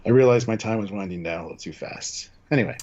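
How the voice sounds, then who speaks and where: Low-voiced relaxed male co-host. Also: fast talker, highs cut off, slight background noise. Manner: relaxed, prompting viewers to vote. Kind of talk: casual livestream banter.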